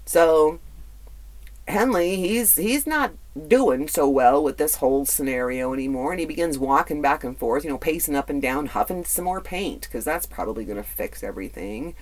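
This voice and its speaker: A man's voice: a little high, expressive, normal speed. Man telling a true crime tale casually. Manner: conversational, swears and adds blunt asides; filler-heavy, repeats words. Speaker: true crime podcast host.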